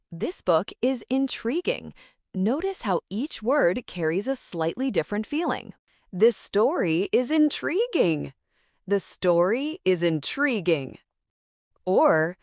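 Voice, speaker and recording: A woman gives a scripted English lesson, her pitch moving lively up and down. She says each model phrase slowly and with careful diction so learners can repeat it. The recording is close and dry, with no room sound. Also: dry recording. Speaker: English teacher. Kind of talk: scripted language lesson narration.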